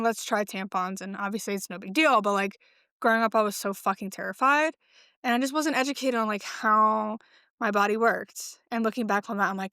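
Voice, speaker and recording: This podcast host is a pregnant woman in her twenties, late in that decade, who chats casually on her own, swearing often and using lots of "like." Her medium-pitched voice is bright, forceful, clear and resonant, captured in a dry, clean studio recording.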